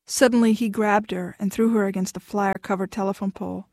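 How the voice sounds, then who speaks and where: A woman narrating a novel in a steady, measured storytelling voice. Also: medium pitch, no room sound. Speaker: audiobook narrator. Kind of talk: scripted narration.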